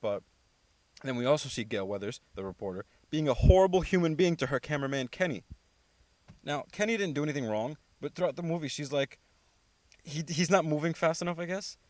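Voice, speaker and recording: A man's voice: fairly quick, dry recording. Chatty young man reviewing a movie. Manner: chatty, rambling, many fillers and self-corrections; mimics characters with animated pitch jumps. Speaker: podcast host. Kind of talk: casual movie review monologue.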